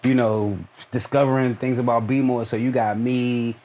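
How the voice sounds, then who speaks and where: A man in his forties from Newark, an actor guest telling relaxed anecdotes in a casual interview, with lots of "you know". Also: medium pitch. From Newark, New Jersey. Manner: laid-back, drawn-out anecdotes full of "you know".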